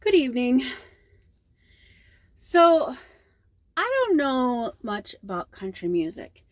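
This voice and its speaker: A young woman with a Midwestern accent rambles through a casual vlog, her voice sitting a little high. She talks slowly, drifting between thoughts and trailing off with ums. The recording is close and dry, with no room sound. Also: big pitch swings, no echo. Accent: Midwestern American. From American Midwest. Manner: rambling, meandering, many ums and trailing pauses. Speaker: vlogger.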